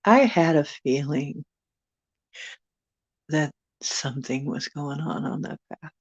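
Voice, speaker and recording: Unhurried, jokey woman host, casual stream chat, dull dry sound. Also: low-pitched, no room sound. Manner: jokey, chatty, laughing easily. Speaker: channel host.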